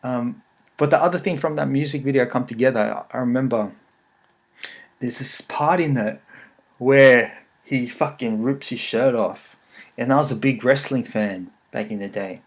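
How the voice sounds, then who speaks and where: A young man chats on his podcast in a loose, meandering way, peppering his stories with profanity and jokes. His voice sits at an ordinary middle pitch for a man. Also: normal speed. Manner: rambling, profane, jokey storytelling. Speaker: podcast host. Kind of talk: casual chat.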